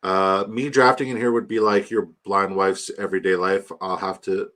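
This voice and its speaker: A young man hosts a live fantasy football draft stream, chatting loosely with his viewers. He rambles, jokes and shouts out fans by name. His voice sits a bit low but sounds bright and forward. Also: little pitch movement, normal speed. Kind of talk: casual live-stream chat.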